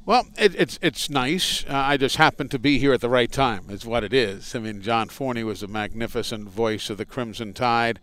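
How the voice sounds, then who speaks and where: Smooth-voiced man telling broadcast stories. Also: mid-range voice, normal speed, few pauses, fairly bright tone. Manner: rambling, anecdotal, self-deprecating. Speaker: radio play-by-play broadcaster. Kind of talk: casual interview storytelling. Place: indoors at a college arena.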